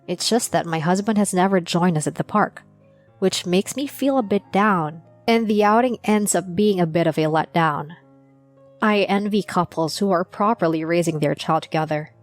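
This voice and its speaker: A young adult woman narrating her own story as a mother, in a plain, steady confessional tone. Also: lowish voice, normal speed. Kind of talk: first-person storytelling. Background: faint music.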